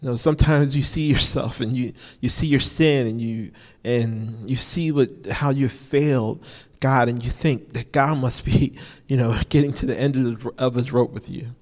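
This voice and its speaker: A man's voice: mid-range voice, fairly even intonation, moderate pace, few pauses, darkish tone. A man preaching an informal sermon, repeating key phrases for emphasis and often saying "you know". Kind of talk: conversational sermon. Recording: long reverb of a large hall.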